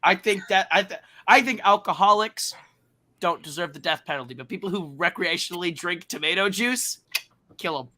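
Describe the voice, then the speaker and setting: A man's voice: high-pitched, normal speed, pushed and bright. A man hosting a podcast, recapping a film in a casual, rambling and profane way, with lots of ums and uhs. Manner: rambling and profane, heavy fillers. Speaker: podcast host.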